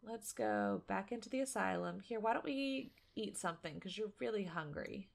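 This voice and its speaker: A woman commentating a life-simulation game, chatty and excitable, talking to her viewers and to the characters on screen. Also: medium pitch, normal speed, gravelly. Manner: excitable, squeals and laughs at surprises. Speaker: gaming YouTuber. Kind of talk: let's play commentary.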